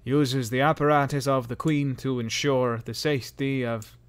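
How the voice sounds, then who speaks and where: A man's voice: mid-range voice, fairly even intonation, normal speed, smooth, no echo, close to an everyday voice. A man voicing a male drow warrior in his own plain voice, speaking in a solemn, formal and courteous way. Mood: earnest.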